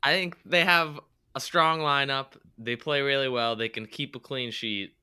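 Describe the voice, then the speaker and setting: A man's voice: medium pitch, fairly even intonation, moderate pace, bright, forceful tone, clean tone. A man from the US Northeast, a podcast guest thinking aloud and hedging his soccer opinions. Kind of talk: casual soccer podcast chat.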